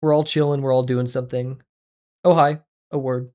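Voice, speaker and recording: A young man streaming his drawing sessions, chatting casually with viewers in a rambling, excitable way and laughing often. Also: mid-range voice, moderate pace. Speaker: art livestreamer.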